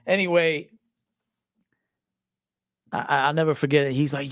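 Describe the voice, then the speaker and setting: A man in his forties, a men's life coach, telling stories in a profane, animated casual monologue, acting out quotes. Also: mid-range voice, moderate pace, clear, resonant tone, no room sound, clean studio sound. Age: 40s. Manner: profane, animated storytelling with acted quotes and laughs.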